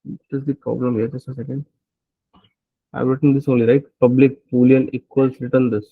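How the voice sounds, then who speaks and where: A man's voice: medium pitch, little pitch movement, brisk, creaky, husky, dry recording. Male coding instructor working through code live, tinny dry recording, muttering and questioning himself. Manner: thinking aloud, frequent "right?" checks. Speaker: programming instructor.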